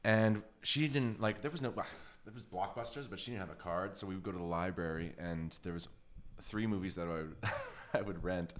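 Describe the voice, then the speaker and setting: A man who is an actor and a guest on a podcast, telling a story in an animated way. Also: sits low, brisk. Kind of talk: casual interview chat.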